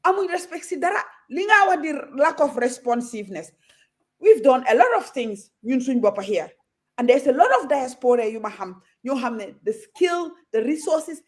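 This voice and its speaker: Outspoken Gambian woman, high lively voice. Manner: outspoken, switches freely between Wolof and English. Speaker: guest. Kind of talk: passionate talk show discussion.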